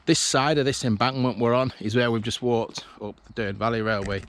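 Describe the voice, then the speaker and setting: This is casual walking commentary from a man vlogging along an old railway line outdoors, his mid-range voice steady in tone and slightly quick. He thinks aloud in a relaxed way, often restarting. The recording carries faint outdoor background noise.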